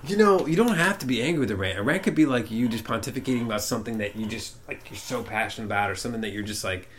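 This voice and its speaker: A man's voice: medium pitch, lively intonation, rapid-fire, slight background noise. A man co-hosting a podcast, rambling and swearing in an upbeat, casual way. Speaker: podcast co-host.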